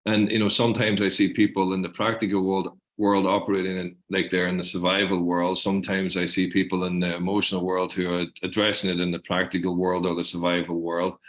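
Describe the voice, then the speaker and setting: Deep-voiced man, searching interview questions. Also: completely flat delivery, brisk, hardly any pauses, fairly bright tone. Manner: appreciative, repeats words while finding the question. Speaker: clinician interviewer.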